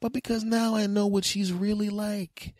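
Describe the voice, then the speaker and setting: A man in his forties telling a comic story on his podcast, animated and jumping into other people's voices. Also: moderate pace, dry recording, clean studio sound. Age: 40s. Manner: animated, mimics other people's voices with big pitch jumps. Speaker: podcast host. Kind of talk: comedic storytelling monologue.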